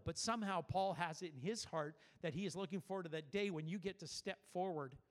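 A pastor, a man with a slightly higher-pitched voice, giving a sermon to his congregation. He speaks conversationally, drifting into personal stories and restarting his sentences as he goes. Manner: conversational, anecdotal preaching with restarts and asides. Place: church service.

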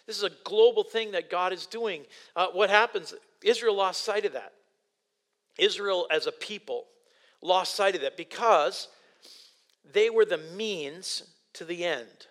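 A male preacher delivering a sermon in a high, bright, ringing voice. He reads scripture aloud and then talks it through with growing excitement. His sentences trip and restart, and he breaks into loud exclamations.

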